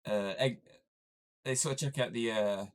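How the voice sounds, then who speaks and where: Low-voiced rambling podcast host man. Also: normal speed. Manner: rambling, heavy use of "obviously" and "like". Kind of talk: casual movie recap chat.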